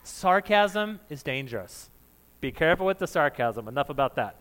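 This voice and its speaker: Loud, high-voiced male preacher. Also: sing-song, normal speed. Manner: conversational, jokes with the congregation and laughs often; says of himself that he is loud. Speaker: pastor. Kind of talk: sermon.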